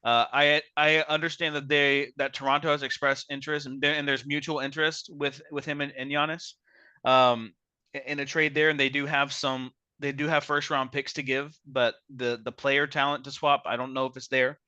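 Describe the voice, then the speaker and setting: A man hosts a casual sports chat, talking in a measured, opinionated way with many restarts. His voice is bright, at a middle pitch. The sound is dry and a little dull. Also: level tone, smooth, dry recording. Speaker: podcast host.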